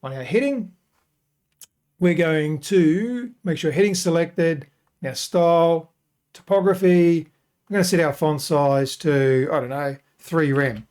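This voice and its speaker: A man hosting a software tutorial, talking casually and thinking aloud as he works through each step. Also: a little high, takes it slowly. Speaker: web design tutorial host. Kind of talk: screen-recorded software tutorial.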